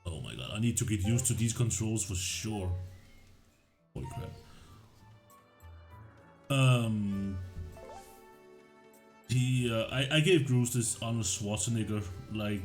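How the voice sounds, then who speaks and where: A man's voice: fairly low pitch, expressive, slow, long pauses, faint music behind. Rambling male game streamer. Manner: rambling, reads game dialogue aloud. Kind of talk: let's play commentary.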